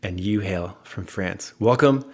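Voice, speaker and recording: American man, podcast host, low voice, upbeat, joking, casual chat. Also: a little slow, darkish tone.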